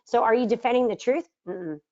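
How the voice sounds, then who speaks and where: A woman's voice: on the high side, fairly quick, mellow, muffled recording. A middle-aged woman leading a book study, talking casually, asking her audience rhetorical questions and acting out quoted arguments. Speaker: mindset trainer leading a book study course. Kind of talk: casual teaching talk.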